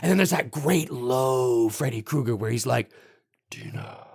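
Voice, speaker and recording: A man hosting a casual video, talking animatedly and swearing freely as he ranks favorite horror kills and acts out lines with loud outbursts. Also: medium pitch, moderate pace, creaky, breathy edge. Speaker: YouTube host ranking horror kills. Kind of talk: casual excited monologue.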